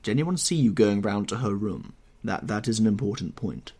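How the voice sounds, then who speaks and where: A man voicing a worldly, cynical aristocratic English gentleman in an audiobook reading, with a husky tone and an urbane, offhand manner. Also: on the low side, expressive, normal speed.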